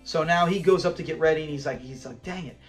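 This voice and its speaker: Animated man recapping sitcom scenes. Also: fairly high pitch, fast talker, faint music behind. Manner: animated, retells scenes while acting out lines and laughing. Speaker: host of a classic sitcom fan channel. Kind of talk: casual episode recap commentary.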